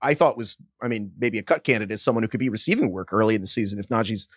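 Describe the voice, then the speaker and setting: A man co-hosting a fantasy football podcast, breaking things down in quick, animated casual chat. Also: fairly low pitch, no echo, studio quality. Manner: fast, animated analysis. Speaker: podcast co-host.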